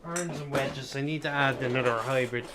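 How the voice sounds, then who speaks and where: A man's voice: medium pitch, a little fast, background noise. A man with an Irish accent chatting casually to his live chat, rambling and swearing freely, sometimes eating sweets as he talks. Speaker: streamer.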